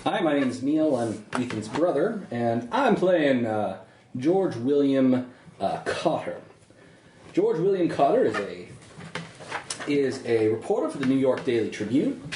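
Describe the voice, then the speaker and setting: Man, tabletop player, halting speech, lively pitch, echoey room. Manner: halting, laughing easily. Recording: echoey room, faint noise.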